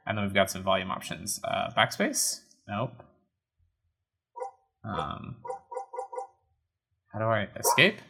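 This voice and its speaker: Low-voiced man chatting through a game stream. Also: gravelly, fairly bright tone. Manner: chatty, wry, easily amused. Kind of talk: casual live game playthrough commentary. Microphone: webcam setup with desk mic.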